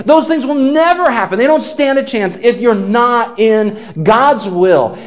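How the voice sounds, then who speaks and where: Emphatic preacher delivering a sermon. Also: mid-range voice. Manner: emphatic, repetitive preaching with rises and falls. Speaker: pastor. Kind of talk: sermon to a congregation.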